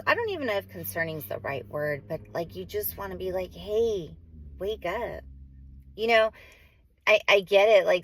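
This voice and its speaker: A woman's voice: on the low side, dry recording. A woman in her forties, a mother vlogging, talks to the camera in a heartfelt, rambling way, full of "like" and self-corrections and getting emotional. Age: 40s. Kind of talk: heartfelt casual talk to camera.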